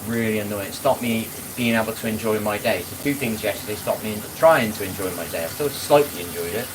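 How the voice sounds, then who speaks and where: While washing up, a live streamer chats bluntly with his live chat, often asking if you know what he means. His voice is fairly low and quick, with background noise behind it.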